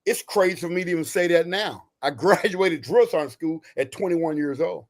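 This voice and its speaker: A man in his sixties from Texas, a retired Army veteran, telling his story in a podcast interview in an animated, folksy way. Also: mid-range voice. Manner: animated, folksy, says "you know" and "right?" often.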